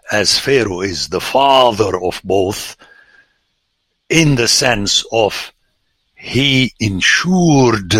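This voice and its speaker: A man, a priest, giving a lecture on scripture with animated, theatrical emphasis and sudden exclamations. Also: lowish voice, husky, dry recording.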